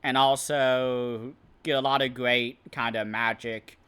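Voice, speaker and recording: A man talks through a book review in a loose, unscripted way. He hesitates often and restarts his sentences as he searches for words. His voice is bright and forward, sitting at an ordinary pitch. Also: little pitch movement, takes it slowly, clean tone. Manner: hesitant, rambling, many restarts and "I don't know". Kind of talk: casual spoken book review.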